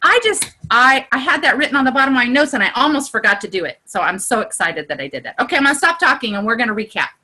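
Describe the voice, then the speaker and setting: A woman with a higher, bright and forceful voice coaches a group over a video call. She talks with eager, earnest energy that builds into a heartfelt pep talk, and her voice shoots up whenever she gets excited. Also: very fast, few pauses. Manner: excitable, voice rises high when excited. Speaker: group leader.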